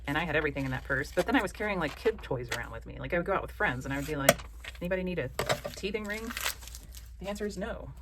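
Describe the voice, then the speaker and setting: A woman's voice: low voice, animated, racing, few pauses, very noisy. A woman with a Southern American accent hosts a casual craft tutorial, chatty, joking and encouraging. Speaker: craft channel host.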